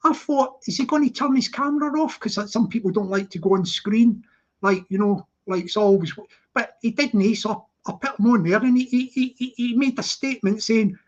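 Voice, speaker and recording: A man chats loosely on his live stream, his voice sitting fairly high for a man. He rambles and trips over repeated words, chuckling between thoughts. The sound is dull and lo-fi. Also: fairly quick. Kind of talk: casual live stream chat.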